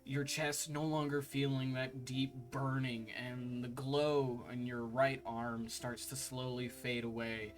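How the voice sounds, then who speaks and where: A man narrating scenes as the game master of a tabletop game, slow and descriptive with filler words. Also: medium pitch, flat delivery. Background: faint background music.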